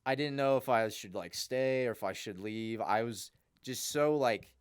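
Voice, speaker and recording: A young man, a podcast co-host, telling a long, rambling story in a casual, animated way. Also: medium pitch, normal speed, smooth, no echo, clean studio sound.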